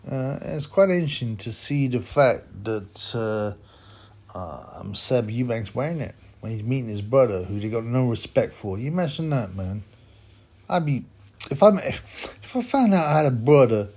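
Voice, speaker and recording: A man's voice: medium pitch, a little mellow, husky. A man hosting a boxing channel, giving a rambling, opinionated commentary monologue full of asides and tags like "huh?" and "man".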